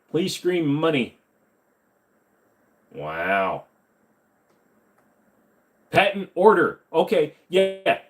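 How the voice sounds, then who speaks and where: A man hosting a casual livestream Q&A, reading chat questions aloud, joking and rambling, correcting himself as he goes. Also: a little high. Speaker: host.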